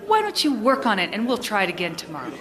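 A woman's voice: mid-range voice, huge pitch swings, fast, a crowd in the background, noisy background. An actress playing a patient female speech coach in a comic radio spot, encouraging and coaxing.

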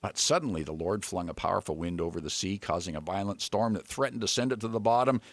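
A man preaching a sermon, retelling a story with lively voices for its characters. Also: low-pitched, fast talker, no echo.

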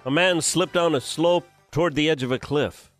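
A man, a comedian and motivational speaker, telling a humorous devotional story and leaping up in pitch when he shouts a character's lines. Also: moderate pace, soft background music.

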